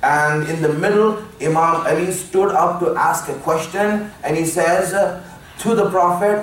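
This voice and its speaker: A man's voice: high voice, normal speed, a bit bright. A man preaching a sermon in an earnest way, repeating lines for emphasis and calling his listeners his friends. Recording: very echoey hall, mic at a distance.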